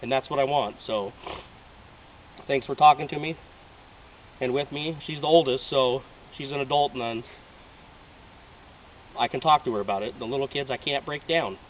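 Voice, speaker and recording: A man's voice: medium pitch, normal speed, long pauses, a little hiss or hum. Earnest man filmed from a distance. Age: 30s. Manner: emotional, heartfelt. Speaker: reality show applicant. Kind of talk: earnest personal appeal. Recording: distant, dull home video audio.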